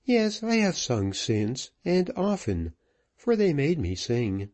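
A gentle, wistful woman who was once a celebrated singer, her voice lifted well above a man's, as a male reader puts her on. She talks slowly and musingly, with a lot of rise and fall. Storybook reading. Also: on the high side, wildly swooping pitch, pitched above the performer's own voice, exaggerated voice.

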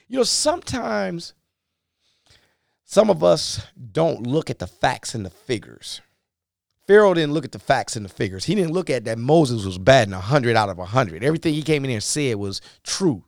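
A man's voice: a little high, no room sound, studio quality. A man preaching a sermon in a folksy style, acting out the biblical figures as he explains the scripture. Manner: animated, folksy, acts out biblical dialogue.

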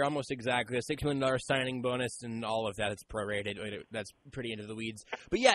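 A man hosting sports radio, chatty and joking as he steers the talk. His voice sits a little high, with a faint hiss in the background. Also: a bit bright, low-quality recording. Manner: chatty, jokey, leads questions.

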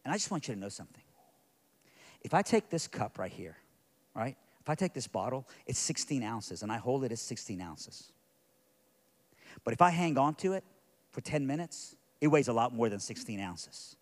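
With a medium-pitched voice full of big pitch swings, a middle-aged man preaches at a moderate pace, pausing often. His sermon tells a personal story that ranges from hushed moments to loud, intense passages.

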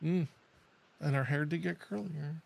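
Chatty woman podcast host, gravelly voice. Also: deep voice, unhurried, a little mellow, a little hiss or hum. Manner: chatty, laughing, filler-heavy. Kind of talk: casual chat.

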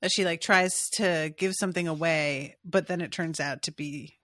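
A woman's voice: low-pitched, fairly even intonation, moderate pace, a bit bright, no room sound. A woman co-hosting a book podcast in an eager, chatty way, reading passages aloud between her asides. Her voice is recorded close and dry, with no room sound. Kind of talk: casual book discussion.

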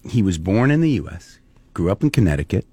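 A man's voice: low-pitched, very animated, brisk, dark tone, breathy edge, dry recording. A man co-hosting a radio show, talking in an earnest, reflective way and circling back over his own words. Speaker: radio co-host. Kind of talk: casual radio banter.

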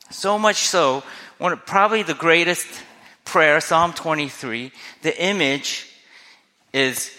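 Preaching as a pastor, this man is earnest and conversational, often tossing rhetorical questions at his listeners. His voice is on the high side, bright and forceful, echoing with long hall reverb.

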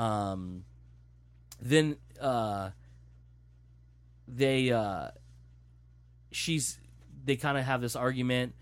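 A man's voice: medium pitch, extremely slow, pauses often. A young man in casual chat, retelling a movie plot with plenty of swearing and acted-out lines. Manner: animated, profane storytelling, acting out quotes.

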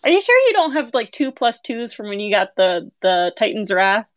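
A woman running a tabletop game as game master, brisk and often laughing. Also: medium pitch, big pitch swings, no echo.

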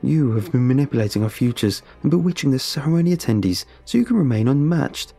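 A man's voice: mid-range voice, expressive, normal speed, vocal fry, darkish tone, slightly rough, soft background music. A man voicing a hostile male village council member who spits out accusations in an audiobook reading. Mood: accusing. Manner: spitting, accusatory.

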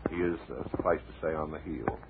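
A man hosting a comedy radio show in a deadpan, rambling, mock-serious way, heard on a tinny old radio recording with light hiss. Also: a bass voice, brisk, creaky. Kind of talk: deadpan comic radio patter.

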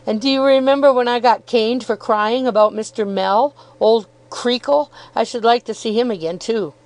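A woman's voice: a little high, moderate pace, a little mellow, pitched above the performer's own voice, natural voice, poor audio. A woman voicing a good-humoured, cheerful young law student in an audiobook, chuckling and self-deprecating. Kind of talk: audiobook character reading.

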